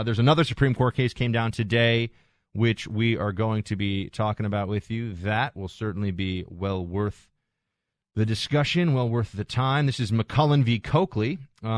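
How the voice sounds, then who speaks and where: A male radio host talking through calls and upcoming segments, with joking asides and quick restarts. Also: mid-range voice, dry recording, studio quality. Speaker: radio talk show host. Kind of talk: talk radio monologue and call-in chat. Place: radio studio. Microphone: close studio mic.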